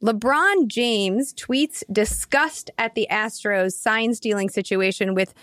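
A woman's voice: medium pitch, slow pace, fairly bright tone, no echo, clean studio sound. A woman co-hosting a casual sports chat, running the segments with a bold, teasing manner. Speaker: podcast co-host.

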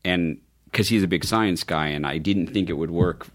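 A man guest in a casual interview, telling stories in a lively way and voicing quotes in a higher tone. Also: normal speed. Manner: animated storyteller, acts out quotes in a higher voice. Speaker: film producer guest.

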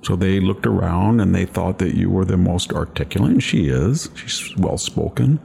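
An older man with a very low, heavily gravelly voice hosts a commentary chat. He lectures emphatically and drifts into long personal anecdotes. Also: expressive, normal speed, mellow, slight background noise. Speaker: podcast host.

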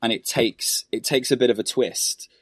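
A man's voice: medium pitch, normal speed, breathy edge, no room sound, studio quality. A man with a British accent, an actor guesting on a podcast, speaking enthusiastically in casual chat and often saying "sort of".

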